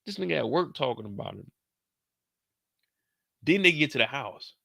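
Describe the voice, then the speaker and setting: A young man with a bright, forceful voice, riffing casually and profanely as he recaps a show and slips into the characters' lines. The sound is close and dry, with no room around it. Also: medium pitch, sing-song, moderate pace, creaky, slightly rough, dry recording. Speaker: show commentator. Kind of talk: animated casual recap commentary.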